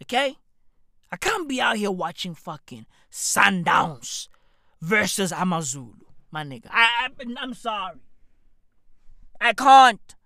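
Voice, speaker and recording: A man ranting on his podcast, slow and drawn out, mocking and swearing, one question after another. His voice is bright and sharp, recorded close and dry. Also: high-pitched, sing-song, vocal fry, no echo. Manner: profane, mocking, repetitive ranting with rhetorical questions. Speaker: podcast host. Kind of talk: comedic podcast rant.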